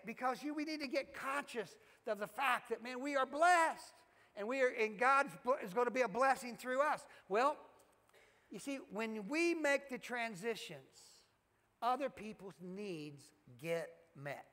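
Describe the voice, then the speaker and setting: A Southern pastor delivers a folksy, exhorting sermon in a high, bright voice, full of fillers and restarts. His words ring out with a long reverb from the church hall around him. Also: lively intonation, unhurried. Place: church sanctuary.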